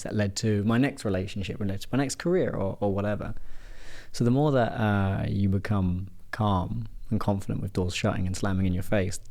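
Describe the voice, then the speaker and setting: Animated man telling stories. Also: on the low side. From England. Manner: animated storyteller who acts out quoted voices. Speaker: podcast host and performance coach. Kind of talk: casual podcast chat with storytelling.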